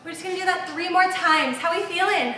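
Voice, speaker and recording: A very high-pitched, pushed and bright voice, a little fast, belongs to a young fitness instructor cheering upbeat through the reps of a live workout while out of breath. Slight background noise is present. She's on a large, empty home gym floor, captured by a distant mic in an echoey room.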